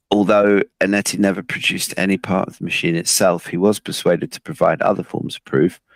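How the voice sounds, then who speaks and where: A man's voice: low-pitched, gravelly, dry recording. A man co-hosting a casual podcast, presenting his research with frequent ums and restarts. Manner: hesitant, many ums and restarts.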